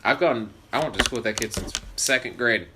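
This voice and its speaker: A man's voice: medium pitch, fairly quick, noisy background. A young man co-hosting a podcast, joking around in a laid-back way and swearing a lot. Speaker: podcast co-host. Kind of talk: casual chat.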